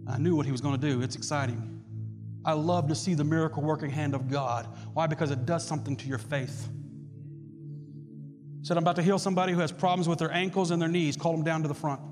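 A man preaching a sermon, telling a story with lively swings into shouting. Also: fairly high pitch, fast. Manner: animated storytelling, bursts into shouts. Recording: long hall reverb with loud music.

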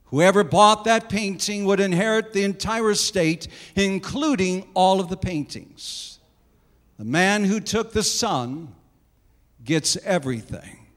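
Insistent auctioneer man, acted by a male preacher, high-pitched, calling bids, reverberant hall. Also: takes it slowly. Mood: solemn. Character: persistent male auctioneer, steady.

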